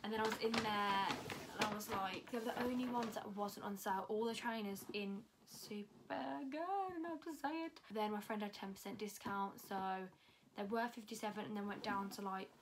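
A young woman talks through a haul at a middle pitch, loose and unfiltered, with the odd swear word. She records indoors, and a faint noise sits underneath her voice. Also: fairly even intonation, moderate pace. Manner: chatty and unfiltered, swears freely. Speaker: fashion vlogger. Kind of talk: casual haul chat.

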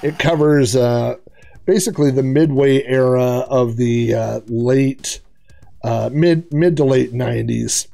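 A man hosting a retro gaming video, giving casual, excitable gameplay commentary and chatting to the players on screen. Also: mid-range voice, slow, gravelly.

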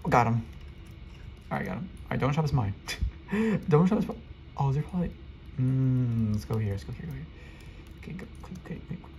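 Male gaming creator, live commentary, excitable, lively pitch, mellow tone, chatty with viewers. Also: a little hiss or hum. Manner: excitable, rapid-fire repeated urging; chatty, addresses viewers directly.

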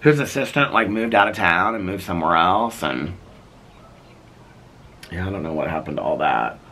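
In a rambling neighborhood vlog, a man in his fifties chats outdoors, drifting from story to story with frequent laughter. His low voice is pushed and bright with lively intonation at a moderate pace. A little hiss or hum and faint outdoor ambience with birds are present.

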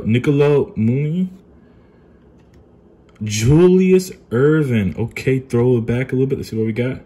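A young man narrates a trading card unboxing in his apartment. He keeps his voice down and talks in a fairly flat, subdued way. His voice sits a little low. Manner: kept low and subdued, calls himself monotone. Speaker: card collecting YouTuber. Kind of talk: casual unboxing commentary. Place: apartment at home.

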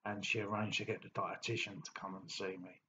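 A man telling his own story in a blunt, plain-spoken diary monologue, halting with many fillers. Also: low voice, little pitch movement, pushed and bright, a little hiss or hum, rough recording. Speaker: diary vlogger.

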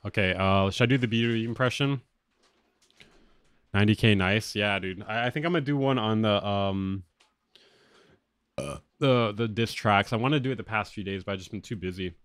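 A man with a lateral lisp chatting casually on a livestream from a home studio, loose and excitable and swearing often. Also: lowish voice, normal speed, long pauses, clear, resonant tone, no room sound. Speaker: music producer streamer.

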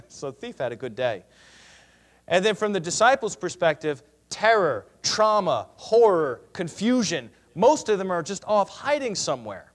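A man teaching a Bible lesson, reading scripture aloud with expressive, dramatic turns between loud cries and hushed words. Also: high-pitched, moderate pace.

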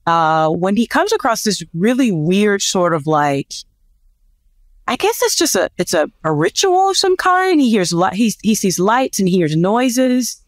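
A woman from the United States co-hosts a podcast and tells a story in an easygoing chat. Her pitch moves a lot as she talks, bright with laughter and self-deprecating asides. The voice sounds close and dry, with no room around it. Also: big pitch swings, a little slow, no room sound. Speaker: podcast co-host.

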